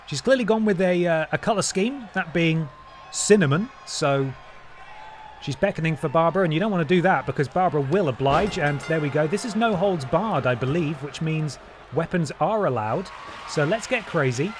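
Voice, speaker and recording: A man's voice: fairly high pitch, expressive, normal speed, a faint crowd, slight background noise. A man, streaming a wrestling game and doing playful mock-announcer commentary with jokey asides. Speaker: gaming streamer.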